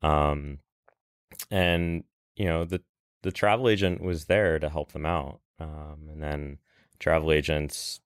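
Very deep-voiced man chatting casually. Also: slow, clear, resonant tone, dry recording, studio quality. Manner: relaxed, many fillers like "you know" and "um". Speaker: guest, travel industry veteran. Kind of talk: casual podcast chat.

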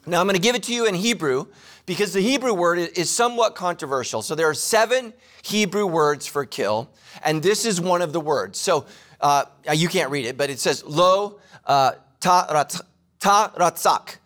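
High-voiced joking male preacher. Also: expressive, fairly bright tone. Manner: casual joking preacher, repeats key lines slowly. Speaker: pastor. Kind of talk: sermon.

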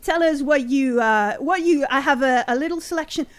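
A woman voicing a fawning, flattering male cafe stall owner who speaks in halting phrases. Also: high voice, close to an everyday voice.

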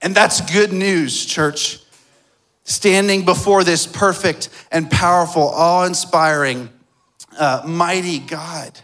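A man preaching a sermon as a pastor, telling a personal story, his voice moving from soft and hushed to loud and emphatic. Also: on the high side, slow.

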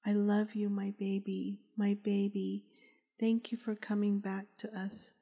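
A woman's voice: medium pitch, monotone, measured pace, husky. A woman voicing an old warrior father who speaks to his lost son in a tender, breaking whisper. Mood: tender, grieving. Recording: dull, echoey recording.

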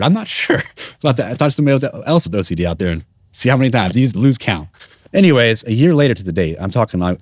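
A man's voice: low voice, darkish tone, dry recording, studio quality. A man earnestly and candidly telling his personal faith testimony in a church. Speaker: testimony speaker.

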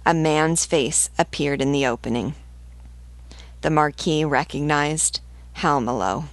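A woman, a literature teacher, reading a novel aloud in a measured, steady way. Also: sits low, no echo.

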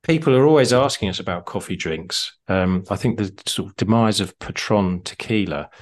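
A man's voice: fairly low pitch, normal speed. A man co-hosting a drinks podcast, talking casually and enthusiastically with frequent fillers and restarts. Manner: chatty, enthusiastic, lots of fillers. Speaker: podcast co-host.

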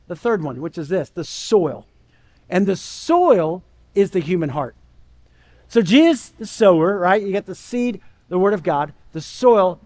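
A man preaching a sermon in a conversational way, often checking in with "right?" and acting out the voices he quotes. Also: high voice. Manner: conversational, keeps asking "right?". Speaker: pastor.

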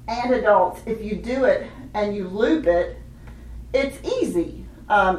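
A woman leading a hands-on children's music workshop, animated and laughing often as she teaches chanted rhythms. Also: mid-range voice, slight background noise. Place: workshop room with participants. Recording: echoey room, voice from a distance.

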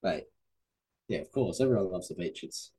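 Relaxed Aussie guest, dark mellow voice with some rasp. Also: male voice, deep voice, moderate pace, poor audio. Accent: Australian. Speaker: podcast guest. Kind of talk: casual sports chat.

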